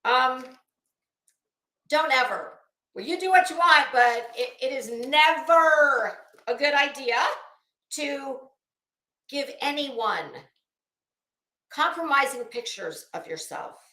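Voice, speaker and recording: A woman's voice: high voice, lively intonation, slow pace, pauses often, bright, forceful tone, echoey room. A woman giving a sassy, exasperated commentary rant to her online audience, drawing out words for emphasis. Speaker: YouTube commentary host.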